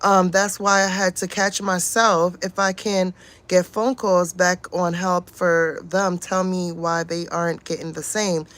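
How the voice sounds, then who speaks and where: Slow-talking outspoken woman livestreamer. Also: on the low side, little pitch movement, a bit bright. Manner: outspoken and exasperated, swears freely. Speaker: livestream host reading chat. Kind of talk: casual livestream commentary.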